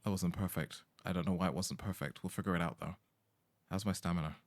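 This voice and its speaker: A man's voice: low-pitched, steady tone, fast. A man streaming a game from home, chatting casually, swearing and reading on-screen text aloud into a desk mic. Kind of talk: live game-stream commentary.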